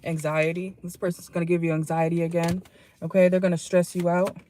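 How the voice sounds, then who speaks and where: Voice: medium pitch, level tone, a little fast, dark tone. A tarot reader giving a casual channeled reading from a parked car, talking bluntly with salty language and frequent laughs.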